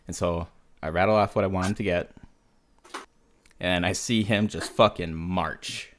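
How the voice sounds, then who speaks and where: A man's voice: sits low, a little slow. A man hosting a casual podcast, telling military stories with heavy swearing and frequent laughter. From United States. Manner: profane, animated storytelling with laughter. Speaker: podcast host. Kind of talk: casual storytelling chat.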